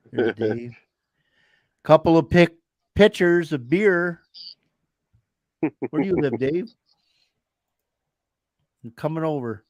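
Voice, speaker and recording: A man's voice: a little high, lively intonation, slow, pauses often, darkish tone, no echo. A man with a Canadian accent hosting a casual live stream from his laptop, rambling and laughing at himself. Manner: rambling, self-deprecating, laughs often. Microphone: laptop mic.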